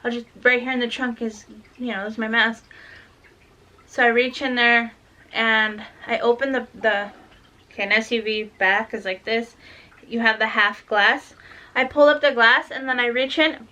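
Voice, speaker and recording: Bright-voiced tired mom telling a story. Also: female voice, on the high side, steady tone, moderate pace, highs cut off. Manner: rambling, swears, acts out dialogue. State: tired, lightheaded. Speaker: mother vlogging about her daughter. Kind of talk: casual storytelling vlog.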